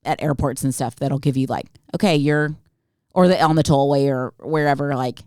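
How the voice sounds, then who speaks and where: A woman hosting a podcast, telling a comic story as an exasperated, animated rant full of rhetorical questions. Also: low-pitched, measured pace, no room sound, clean studio sound. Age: adult, not Gen Z. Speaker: podcast host. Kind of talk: comedic storytelling monologue.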